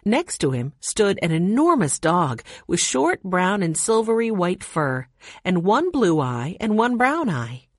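Calm, steady audiobook narration from a woman with a low voice. The recording is very dry and close, with no room sound. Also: a little slow, no echo.

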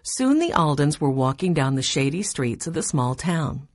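A woman reads a children's chapter book aloud in an even, storytelling way. Her voice sits low. The recording is close and dry. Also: normal speed, no echo. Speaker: audiobook narrator. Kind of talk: children's audiobook narration.

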